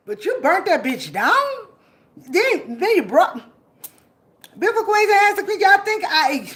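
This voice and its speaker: High-voiced woman ranting and laughing. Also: sing-song, a little slow, long pauses. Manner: laughing often, swings from low murmurs to shouting. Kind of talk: preachy motivational rant.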